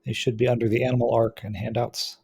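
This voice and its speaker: A man running a tabletop role-playing game as game master, explaining in a relaxed way with frequent restarts. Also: medium pitch, fast talker, vocal fry, husky.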